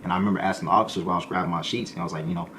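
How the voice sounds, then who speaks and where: A man with a low voice rattles through a story at a quick clip. He talks in loose, slangy bursts and sometimes jumps into other people's voices. A faint background hum sits under the recording. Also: steady tone. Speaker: streamer telling a story. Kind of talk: casual storytelling.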